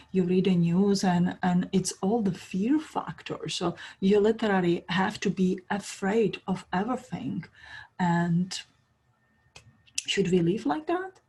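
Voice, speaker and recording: Soft-spoken, breathy woman teacher. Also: lowish voice, poor audio. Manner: soft-spoken, storytelling, non-native grammar. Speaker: spiritual teacher. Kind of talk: spiritual talk.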